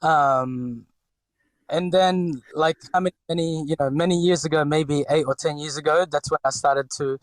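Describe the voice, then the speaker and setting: A man's voice: on the high side, moderate pace, no echo. A man in his forties from the Philippines with a light Filipino accent, talking as a podcast guest in a hesitant way with many fillers and restarts. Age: 40s. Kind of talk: podcast interview.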